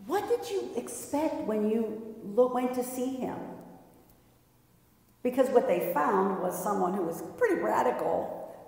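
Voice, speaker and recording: A woman's voice: mid-range voice, a little mellow. Woman preaching in an echoey hall. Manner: conversational, lightly humorous storytelling. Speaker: pastor. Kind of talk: sermon. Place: church sanctuary.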